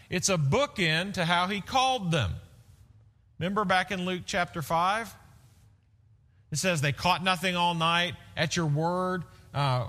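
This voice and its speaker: A man preaching a sermon with a bright, fairly high voice. He talks to the congregation conversationally and keeps checking in with "right?". A long reverb from the big church hall hangs on his words. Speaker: pastor.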